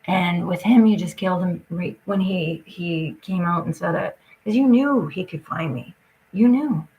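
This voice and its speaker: A woman's voice: on the low side, measured pace, dark tone, rough recording. A woman talking straight to her audience in an agitated, rambling rant, swearing often and jumping from point to point.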